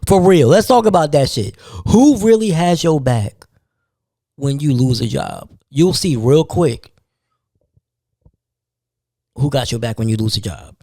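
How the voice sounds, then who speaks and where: A man's voice: on the high side, animated, a little slow, long pauses, warm tone, dry recording, clean studio sound. A tired young man hosting a podcast, talking loosely in street slang. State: tired, yawning. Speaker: podcast host. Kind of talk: casual monologue.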